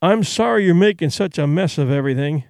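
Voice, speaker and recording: A man doing a quiet, cool-headed ship owner. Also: lively intonation, a little fast, vocal fry, dry recording, studio quality. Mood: cold. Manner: quiet, low, tense and firm.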